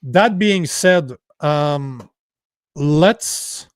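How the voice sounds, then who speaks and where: A man whose first language is French, co-hosting a casual political livestream in a rambling, animated way with free swearing. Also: a little high, drawn-out words, clean tone, no room sound, studio quality. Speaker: livestream co-host.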